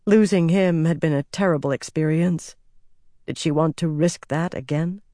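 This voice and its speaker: A man narrating a fantasy audiobook in an even, measured storytelling voice. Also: fairly high pitch, no room sound, studio quality.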